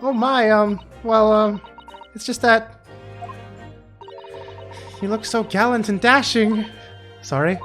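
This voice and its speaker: A man voicing a bashful young woman defendant who speaks hesitantly and shyly, with a high voice for a man. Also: fairly even intonation, slow pace, pauses often, fairly bright tone, faint music behind. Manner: hesitant, shy.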